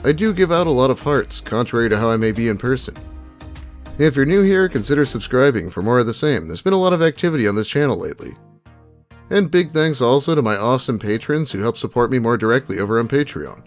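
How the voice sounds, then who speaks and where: A man's voice: medium pitch, lively intonation, quick pace, soft background music. A man hosting an online video, reading posts aloud and adding dry, sarcastic asides. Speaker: YouTube host reading Reddit posts.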